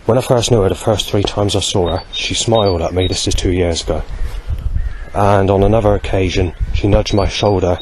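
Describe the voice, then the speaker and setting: Deep-voiced man rambling out of doors. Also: fairly even intonation, slight background noise. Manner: halting, with many restarts and self-corrections. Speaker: vlogger recording a daily log. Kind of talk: rambling spoken diary.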